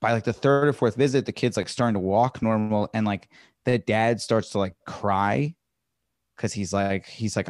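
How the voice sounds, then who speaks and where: A comedian guesting on a podcast, telling stories eagerly in casual chat with lots of filler words. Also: male voice, lowish voice, fairly even intonation, a little fast, no room sound. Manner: enthusiastic storyteller, heavy on "like" fillers.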